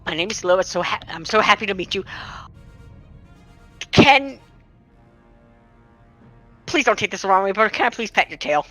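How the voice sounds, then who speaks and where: A game master voicing an excitable young half-elf woman who gasps, squeals and gushes in a rush during a tabletop game. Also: mid-range voice, faint music behind. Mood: eager. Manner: gushing, breathless, rapid gasps and squeals. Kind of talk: tabletop role-play character voice.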